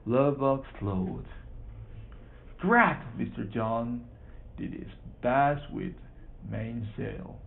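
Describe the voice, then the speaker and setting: A man reading a children's book aloud for practice, halting, repeating and correcting words. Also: mid-range voice, vocal fry. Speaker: reader. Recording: tinny phone-like sound.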